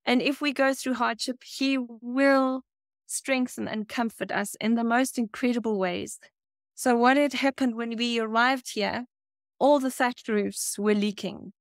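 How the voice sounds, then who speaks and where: Woman guest, high voice, dry close sound, emotive storyteller from South Africa, casting for a faith podcast. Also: fairly even intonation, unhurried, no echo. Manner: emotional storyteller, laughs often.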